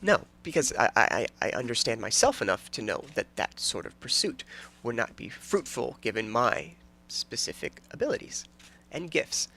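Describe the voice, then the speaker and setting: A man in his thirties hosts a casual solo podcast, wandering from thought to thought and tripping over his own sentences. His voice is bright and gravelly. His pitch swings widely as he jokes along. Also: big pitch swings, moderate pace. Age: 30s. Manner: rambling, self-interrupting and jokey. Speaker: podcast host.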